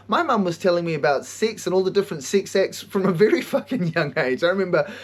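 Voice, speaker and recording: A man hosting a podcast, telling stories in an animated way, swearing a lot and often laughing. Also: high voice, fast talker. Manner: animated storytelling, heavy swearing, frequent laughter. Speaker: podcast host and counselor. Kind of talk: casual monologue.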